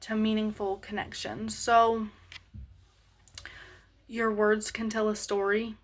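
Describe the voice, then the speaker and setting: A woman explaining a lesson on voice slowly, with many pauses and fillers. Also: medium pitch, level tone.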